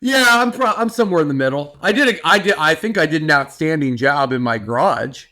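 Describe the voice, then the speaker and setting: Young guy podcasting, bit high voice, swoops around a lot, playful and chatty. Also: a little fast. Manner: animated, playful, lots of filler words. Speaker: podcast co-host. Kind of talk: casual chat.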